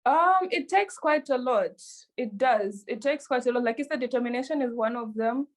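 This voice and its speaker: A woman being interviewed about running her businesses, answering in an earnest, measured way with frequent fillers. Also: on the high side. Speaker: interview guest, entrepreneur.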